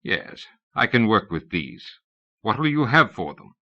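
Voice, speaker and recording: A man voicing a deep-voiced nobleman with a Hungarian accent, speaking slowly and courteously in a storybook reading. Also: very animated, full character voice. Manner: slow and courteous. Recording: dull lo-fi cassette recording.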